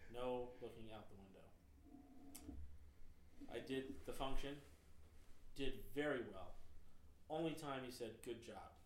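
A man who works as a chef, telling a long story in casual chat with a rambling, profane and animated way of talking. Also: mid-range voice, unhurried, long pauses. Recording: echoey room with faint noise.

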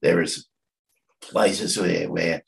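A deep-voiced Australian man with a gravelly, creaky edge talks casually on a podcast. He stops and restarts his sentences often and fills the gaps as he looks for the right words. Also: steady tone, poor audio. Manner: halting, with many restarts and fillers. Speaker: coffee catch-up organiser, podcast guest. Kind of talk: casual conversation.

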